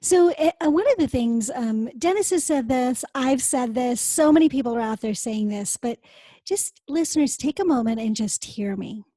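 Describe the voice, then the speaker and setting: High-voiced woman hosting a podcast. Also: expressive, moderate pace, dark tone, no room sound. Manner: earnest, addresses listeners directly. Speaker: podcast host. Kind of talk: casual podcast conversation.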